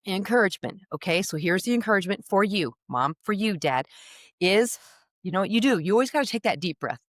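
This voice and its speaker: A middle-aged woman talks to parents like a coach, animated and chatty, with constant check-ins of "okay?" and "all right?". Her voice sits at an ordinary middle pitch. The sound is close and dry, with no room echo. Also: fast talker. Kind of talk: direct-to-camera advice talk.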